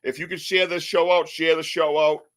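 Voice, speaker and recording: A male podcast host rambling through casual live banter and cracking jokes. His voice sits a touch high and sounds sharp and bright. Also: flat delivery, normal speed. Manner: rambling, joking, laughs often.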